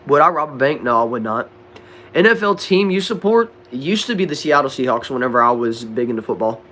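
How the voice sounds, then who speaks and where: A young man with a Southern accent from Texas, casually answering chat questions on a livestream in a relaxed, drawling way. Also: mid-range voice, a little fast, a little hiss or hum. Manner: laid-back, drawling, says bro and dude a lot. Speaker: livestream host reading chat. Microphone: desk microphone.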